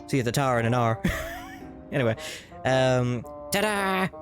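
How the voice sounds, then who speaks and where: A man streaming a video game, chatting in a fast, rambling way and laughing often. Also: mid-range voice. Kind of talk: casual gaming livestream commentary. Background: game music.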